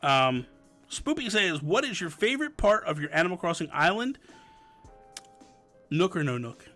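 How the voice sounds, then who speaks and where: A man's voice: a little high, moderate pace. A man in his thirties hosting a live stream, answering viewer questions and telling stories that act out family dialogue. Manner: animated storyteller, acts out family dialogue. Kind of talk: casual live-stream chat and storytelling. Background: light background music.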